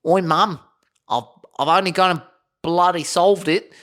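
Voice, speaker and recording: A man's voice: high voice, unhurried, pitched above the performer's own voice. Man doing a chirpy young lad. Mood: proud. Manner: chirpy, excitable, says bloody a lot. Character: young eager British lad investigator.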